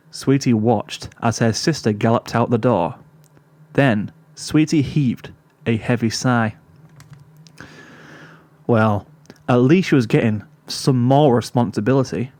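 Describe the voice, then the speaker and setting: A man reading a pony fan story aloud as narrator, in a steady storytelling manner. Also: medium pitch, slow, no room sound.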